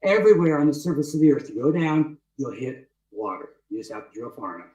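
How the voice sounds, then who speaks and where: A man with a slightly high voice teaches a webinar outdoors, pressing his points and asking his listeners rhetorical questions. He sounds roomy and echoey, well away from the mic. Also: very animated, quick pace, darkish tone, distant mic. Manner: insistent, repeats his points, asks the audience rhetorical questions. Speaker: webinar presenter walking through his book. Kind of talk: emphatic teaching talk. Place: outdoors with trees behind him.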